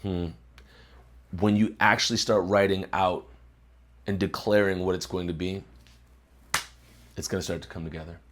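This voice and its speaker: A man's voice: deep voice, flat delivery, moderate pace, pauses often, fairly bright tone. A young man hosting his own channel, giving a reflective motivational talk to camera, often repeating words as he searches for them, then stating points firmly. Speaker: host.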